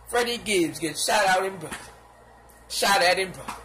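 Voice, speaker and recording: A man giving casual, animated gossip commentary in slangy talk, laughing and acting out what others said. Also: high voice, normal speed, slight background noise. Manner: sound effects and repeated filler phrases.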